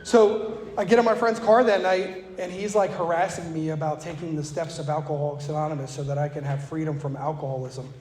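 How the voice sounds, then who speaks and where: A man's voice: fairly high pitch, fairly even intonation, fairly quick, few pauses, a little mellow, a little hiss or hum. A man telling his recovery story to a meeting in a casual, joking way, acting out the voices of other people. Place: meeting room with an audience. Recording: echoey hall with faint ambience.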